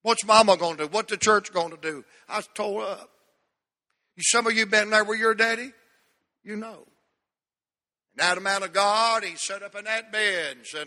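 High, bright-voiced preacher. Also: male voice. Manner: folksy storytelling, preaching with drawn-out emphasis. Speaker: pastor. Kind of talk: sermon. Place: church sanctuary. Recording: long church hall reverb.

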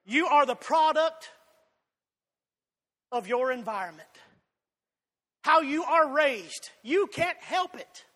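A man with a Southern drawl from Georgia, preaching a fiery sermon that swings between loud shouts and soft asides. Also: very high voice, animated, takes it slowly, long pauses. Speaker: pastor. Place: church sanctuary. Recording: long hall reverb.

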